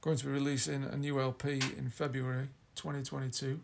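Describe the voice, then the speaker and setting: Casual, rambling and teasing, a Yorkshire man chats as a podcast co-host in a gravelly mid-range voice. His delivery is flat and fairly quick, with slight background noise behind him.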